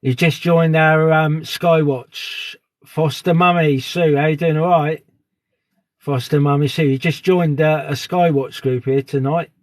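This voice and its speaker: A man's voice: on the high side, fairly even intonation, measured pace, no echo. A man live streaming outdoors at dusk on a phone, chatting casually and greeting viewers by name. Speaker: live streamer on a sky watch.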